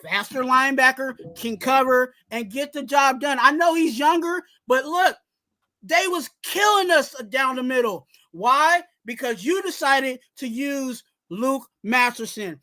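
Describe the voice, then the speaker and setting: High, bright-voiced man ranting. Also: unhurried. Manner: animated, yelling rant with frequent "you know what I'm saying". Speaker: podcast co-host. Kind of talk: sports podcast rant.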